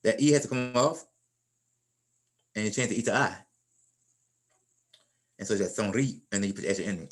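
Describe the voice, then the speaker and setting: A man's voice: lowish voice, brisk, pauses often. A middle-aged man teaching a Spanish class in an informal, folksy way, often repeating and restarting his words.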